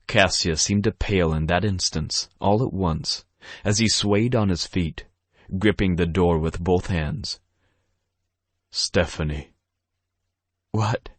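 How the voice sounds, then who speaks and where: A man narrating a romance audiobook in first person, gruff and measured. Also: sits low, no echo. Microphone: studio mic.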